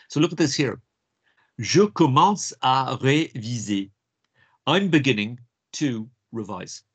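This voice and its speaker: A middle-aged man with an Irish accent, teaching an exam prep lesson and repeating phrases slowly for pronunciation. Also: mid-range voice, husky. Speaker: French teacher.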